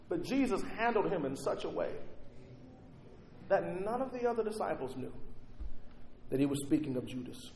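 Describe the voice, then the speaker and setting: Male preacher, sermon delivery, high voice, booming then hushed, long reverb of a church hall. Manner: dramatic swings between loud emphasis and hushed near-silence, drawn-out key words. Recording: echoey hall.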